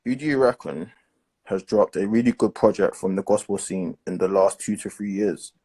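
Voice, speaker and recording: A young man hosting a casual chat, giving blunt, animated opinions packed with slang. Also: lowish voice, moderate pace, breathy edge. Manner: blunt, animated, leans on slang and "do you understand".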